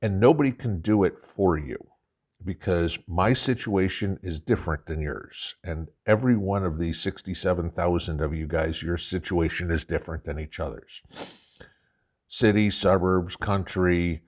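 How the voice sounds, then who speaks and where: A man's voice: sits low, normal speed, a little mellow, slightly rough. A man hosting a prepping channel, talking casually and sarcastically, mocking officials in put-on quotes. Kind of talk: casual commentary monologue.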